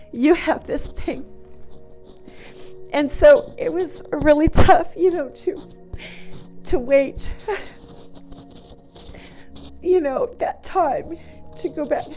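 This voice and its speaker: A middle-aged woman telling a personal story in a halting way, with many "you know"s, restarts and small laughs. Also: sits high, warm tone.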